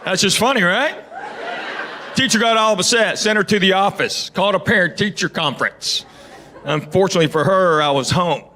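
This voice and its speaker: A male stand-up comedian telling stories in a dry, deadpan way, repeating words for punchlines, on a stage before a laughing audience. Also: high voice, normal speed, some chatter behind. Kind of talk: stand-up storytelling. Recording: live show with loud audience laughter.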